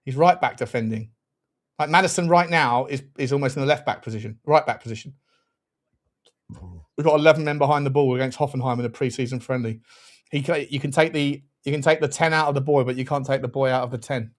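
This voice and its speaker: A man hosting a live football watchalong, animated and excitable, quick to laugh and swear while chatting over the match. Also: mid-range voice. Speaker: fan channel host.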